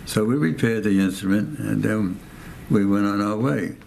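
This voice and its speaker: A man's voice: on the low side, normal speed, creaky, a little mellow, slight background noise. A man, telling a war story in a rambling oral-history interview and repeating his phrases. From United States. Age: 90s. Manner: rambling, repeats phrases, acts out quoted voices.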